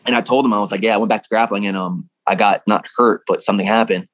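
Young male interview guest: quick, low-ish, profane, rambling storyteller; dry close mic. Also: fairly even intonation, a bit bright, dry recording.

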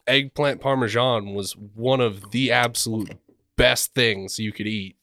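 A man from California in relaxed podcast chat, adding chuckling asides. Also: medium pitch, unhurried, no room sound. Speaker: podcast co-host. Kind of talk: casual chat.

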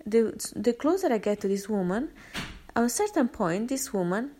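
A woman's voice: on the high side, very animated, moderate pace, warm tone, a little hiss or hum. A woman vlogger rambling through a personal story in a casual, chatty way, with many fillers and restarts. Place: London.

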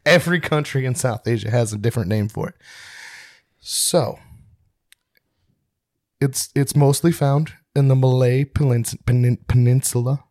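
A man's voice: medium pitch, moderate pace, long pauses, a little mellow, no room sound, studio quality. A young man co-hosting a podcast in casual chat, rambling and poking fun at himself. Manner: rambling, self-mocking, laughs often. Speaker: podcast co-host.

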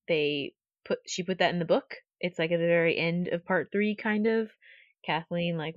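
A woman's voice: on the low side, dry recording, muffled recording. A young woman co-hosting a casual book podcast, chatty and rambling, sounding tired. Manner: chatty, rambling, laughs often. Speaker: podcast co-host. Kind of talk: casual book-discussion chat.

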